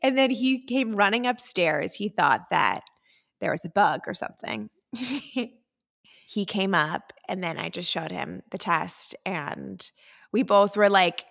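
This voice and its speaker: A woman's voice: medium pitch, lively intonation, unhurried, gravelly, fairly bright tone. Chatty young woman, filler-heavy. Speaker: podcast co-host. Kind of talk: casual chat.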